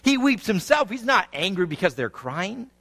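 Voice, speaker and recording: A man preaches a sermon, his voice sitting high for a man. He moves between reading scripture and explaining it, his pitch swinging widely as the intensity rises and falls. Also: normal speed. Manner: expressive preaching, rising and falling intensity; reads scripture, then explains it. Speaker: pastor.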